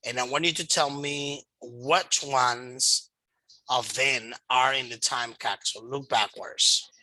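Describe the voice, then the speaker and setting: A man teaching an English lesson online, slow and patient, explaining step by step. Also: mid-range voice, steady tone, bright, forceful tone, no echo, rough recording.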